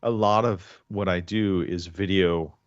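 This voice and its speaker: Low-voiced man, dry lo-fi sound. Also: fairly even intonation, unhurried, no echo. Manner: rambling, many restarts and fillers. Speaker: podcast host. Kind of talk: casual podcast chat.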